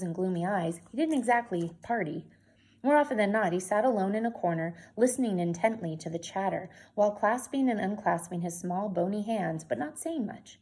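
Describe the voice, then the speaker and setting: A woman's voice: mid-range voice, darkish tone. Woman reading a novel aloud. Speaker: teacher.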